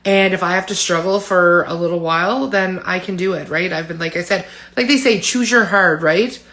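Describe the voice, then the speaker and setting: A woman's voice: on the low side, moderate pace, a bit bright. Candid, emotional woman in her forties. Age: 40s. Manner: candid and emotional, with frequent fillers and laughs. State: tearful at times. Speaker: vlogger. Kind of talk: personal vlog talking to camera.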